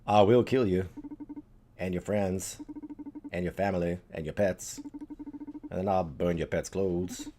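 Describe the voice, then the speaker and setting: A man voicing a young male torturer from a game in a deep, crooning put-on Southern drawl, reading game dialogue aloud. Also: fairly even intonation, unhurried, pauses often, noisy background. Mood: menacing.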